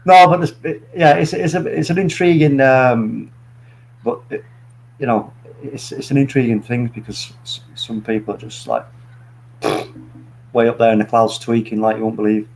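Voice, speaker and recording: A man's voice: mid-range voice, steady tone, moderate pace, gravelly, darkish tone, slight background noise, poor audio. A man hosting a casual video-call chat, rambling and searching for words. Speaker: host.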